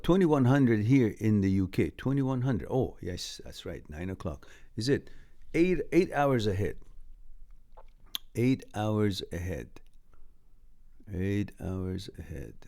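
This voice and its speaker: Slow, chuckling male livestream host. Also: medium pitch. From Canada. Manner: slow and chuckling, reads comments aloud with upbeat asides. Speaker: livestream host reading viewer comments. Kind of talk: casual live-stream chat.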